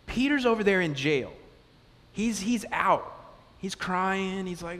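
A man preaching a sermon as pastor, conversational and animated, asking the congregation question after question. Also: high voice, takes it slowly, long pauses. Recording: long reverb of a large hall.

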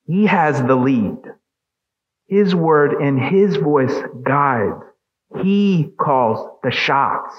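A man's voice: mid-range voice, lo-fi sound. A man preaching a sermon as pastor, emphatic and asking the congregation questions.

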